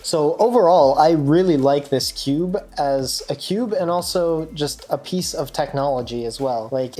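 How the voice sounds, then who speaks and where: A woman hosting a cubing video, giving nervous, excitable running commentary with frequent swearing and laughter. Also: a bass voice. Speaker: speedcubing channel host. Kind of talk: casual vlog commentary while playing. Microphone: GoPro camera.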